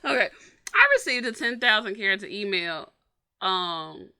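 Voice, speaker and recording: A woman's voice: mid-range voice, clean tone. A woman co-hosting a casual podcast chat, listening closely and then telling her own story. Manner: unhurried, gives steady listening backchannel. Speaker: podcast co-host.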